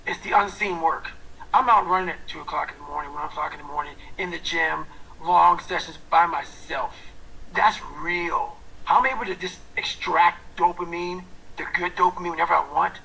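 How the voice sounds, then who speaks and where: A man giving an intense, profane motivational talk, swinging from loud, blunt bursts to hushed whispers. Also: on the high side, moderate pace, vocal fry, slight background noise, low-quality recording. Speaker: motivational speaker.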